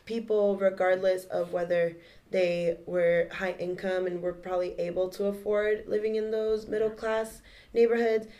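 A young woman in a class discussion, talking quickly with many fillers. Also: medium pitch, darkish tone. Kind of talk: casual discussion.

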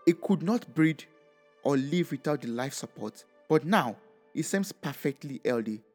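A man voicing a male doctor who briskly explains a patient's recovery. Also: fairly high pitch, animated, a little mellow, faint music behind. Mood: amazed. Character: matter-of-fact male doctor.

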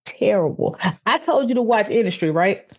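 A woman's voice: mid-range voice, lively intonation, normal speed, noisy background. A woman co-hosting a podcast in casual chat, ranting animatedly about TV and addressing listeners as y'all. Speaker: podcast co-host.

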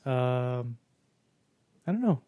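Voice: mid-range voice, expressive, extremely slow, dark tone, clean tone. An American podcast co-host chatting casually, rambling and hesitant with lots of fillers. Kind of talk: casual chat.

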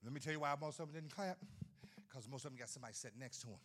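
Fiery preacher man, bright forceful voice. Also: medium pitch, very fast, breathy edge. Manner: dramatic swings between shouting and hushed asides; folksy, humorous preaching with repetitions. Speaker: pastor. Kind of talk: sermon. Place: church at a men's conference.

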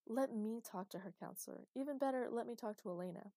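Brief: determined dad, protective and pushy, read by a woman, clear and close. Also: a little high, fast, mellow, no room sound, voice pushed up. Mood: insistent, angry. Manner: urgent and insistent. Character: protective father, worried then furious.

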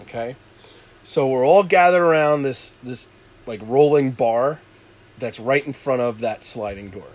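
A man casually telling a rowdy story with lots of swearing, shouting out the lines he quotes. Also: mid-range voice, measured pace. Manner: animated, swearing, loud acted-out quotes. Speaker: podcast co-host telling a story.

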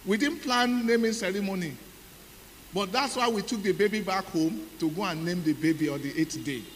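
A man's voice: sits high, fairly bright tone. A middle-aged Nigerian man preaching a sermon as pastor, telling a personal story dramatically and acting out the dialogue. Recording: reverberant hall with faint noise.

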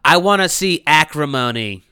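A man voicing a loud, rude woman at a ticket booth, raised higher and louder than his own speech. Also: animated, normal speed, smooth, no echo, clean studio sound. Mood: demanding. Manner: loud, demanding, abrupt.

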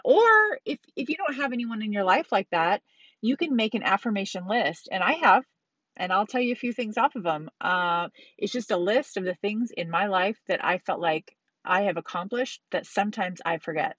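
A woman's voice: medium pitch, a bit bright, no echo, muffled recording. A woman hosting a podcast, talking candidly and casually about self-help, swearing now and then and getting emphatic. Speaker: podcast host.

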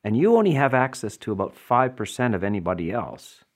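A man's voice: on the low side, big pitch swings, a little fast. A man giving a dharma talk as a Buddhist teacher, explaining emphatically and answering listener questions with rhetorical asides.

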